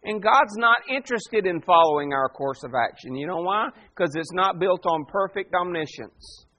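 High-voiced male preacher. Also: expressive, moderate pace, sharp tone, lo-fi sound. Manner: dramatic voicing of quoted figures, rhetorical questions. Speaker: pastor. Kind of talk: sermon.

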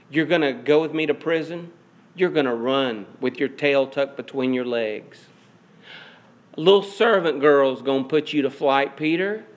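A man voicing a solemn male teacher who quietly rebukes a boastful follower. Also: on the high side.

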